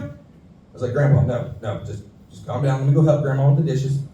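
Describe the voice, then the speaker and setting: This Houston-born comic has a medium-pitched, mellow voice and talks a little fast, voicing the characters in his profane stand-up stories from a saloon stage. The recording is distant and echoey, with slight background noise.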